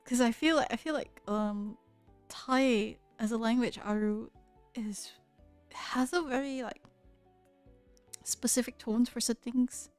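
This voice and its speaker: A young woman with a Malaysian accent, chatting casually with her viewers on a livestream, curious and quick to laugh, often restarting her sentences. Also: fairly high pitch, smooth, faint music behind. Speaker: streamer. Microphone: close studio mic.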